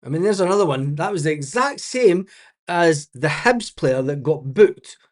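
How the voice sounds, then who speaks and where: Guy doing a football watch-along, bit high pitched, blunt and fed up, swears and laughs a lot. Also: lively intonation, moderate pace. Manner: blunt and exasperated, swears freely, laughs often. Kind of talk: casual live match commentary.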